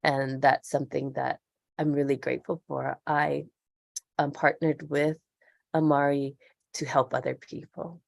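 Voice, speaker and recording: A woman's voice: sits low, level tone, unhurried, vocal fry, no echo, studio quality. A middle-aged woman speaking as a podcast guest, earnest and reflective as she talks openly. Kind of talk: candid interview conversation.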